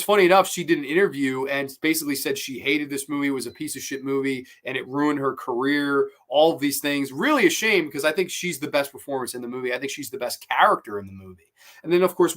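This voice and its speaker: A man hosting a horror movie review show, chatting casually, swearing freely and retelling scenes with excitement. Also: a little high.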